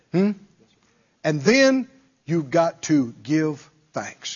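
A man's voice: on the high side, sing-song, drawn-out words, long pauses, husky, lo-fi sound. A male preacher delivering a dramatic sermon, acting out pleading prayers and firing off rhetorical questions in folksy phrasing.

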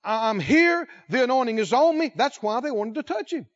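A man preaching a sermon, speaking slowly and emphatically, drawing out key words and putting questions to the congregation. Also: extremely high pitch, animated, a bit bright, dull audio.

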